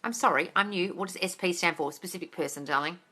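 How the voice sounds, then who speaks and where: Woman coach on a phone live Q&A: low-ish, bright, forceful voice, blunt and sweary, says darling a lot. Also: quick pace. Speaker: manifesting coach. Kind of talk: live-stream Q&A.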